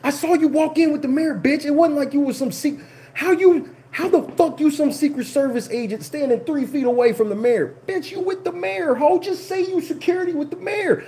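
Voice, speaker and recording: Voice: high voice, a little fast, warm tone. A livestream host telling a story in a profane, laughing, indignant way. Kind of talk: animated casual storytelling.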